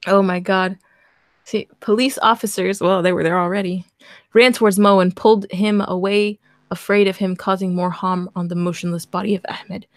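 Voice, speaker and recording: A woman's voice: medium pitch, fairly even intonation, normal speed, dry recording, clean studio sound. A woman host reading a story aloud in casual chat, breaking off into sarcastic, laughing commentary.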